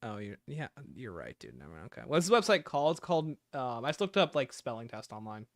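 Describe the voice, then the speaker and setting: A man's voice: mid-range voice, very animated, quick pace, vocal fry, no echo, clean studio sound. A man casually chatting and joking on a livestream as the streamer, thinking aloud as he talks.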